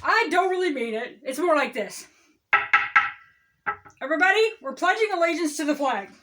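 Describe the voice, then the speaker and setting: A woman doing a mocking comedic impression of a smug, self-important male town mayor, full of drawn-out pompous declarations. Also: sits high, animated, fairly bright tone, slight background noise.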